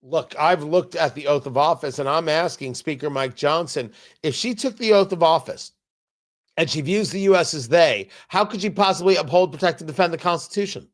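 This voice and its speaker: A man's voice: on the high side, fairly quick. A man hosting a political commentary show, delivering a combative, sarcastic opinion monologue with emphatic repetition.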